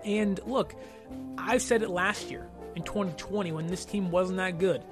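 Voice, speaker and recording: A man's voice: high-pitched, moderate pace, music in the background. A man hosting a casual sports talk show, giving strong opinions while often hedging and thinking aloud. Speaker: sports podcast host.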